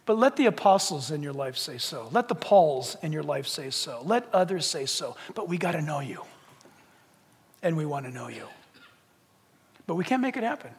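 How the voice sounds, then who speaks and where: A man preaching a sermon as pastor, animated, acting out little dialogues and rising to shouts. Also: on the high side, moderate pace. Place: church sanctuary. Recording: long reverb of a church hall.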